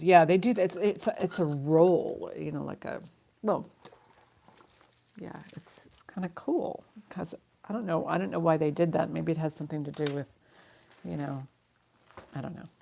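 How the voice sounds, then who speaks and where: A woman's voice: sits low, vocal fry, mellow. A middle-aged woman hosting a live jewelry auction stream, chatting casually and rambling, laughing often.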